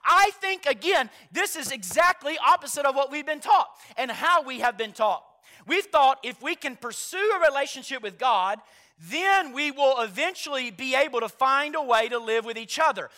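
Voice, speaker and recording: A man with a very high, bright voice preaches a sermon to his congregation. He moves from quiet, steady explanation to loud, emphatic passages, hammering home key phrases through repetition. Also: moderate pace. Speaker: pastor.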